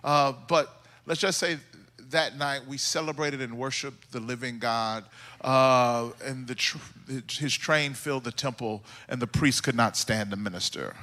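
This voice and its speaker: A male pastor preaching a sermon in a church, telling comic stories in an animated, playful way. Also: medium pitch, measured pace.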